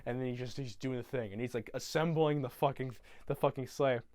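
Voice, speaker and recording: A man's voice: mid-range voice, a little fast, darkish tone, dry recording, clean studio sound. A young man casually retelling a film from memory, rambling with many fillers and swearing. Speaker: YouTuber.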